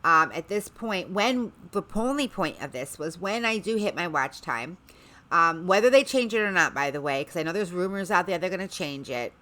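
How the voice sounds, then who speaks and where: Bright-toned chatty woman streamer. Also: on the low side, animated, normal speed. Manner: rambling, chatty, sarcastic asides. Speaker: livestream host. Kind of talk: casual livestream chat.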